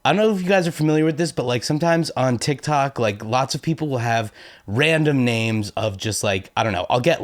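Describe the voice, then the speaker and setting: A man with an American accent talks casually to his audience, reading comments and riffing on them. His voice sits at a middle pitch, and his delivery rambles, full of fillers and little jokes at his own expense. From United States. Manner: self-deprecating, rambling with many fillers. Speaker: YouTube host.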